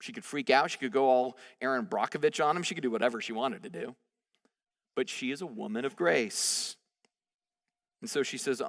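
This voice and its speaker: A man preaching a sermon as pastor at a church service, conversational and animated, often acting out the voices in the story. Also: medium pitch, normal speed, vocal fry, big-room sound. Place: church service, large room.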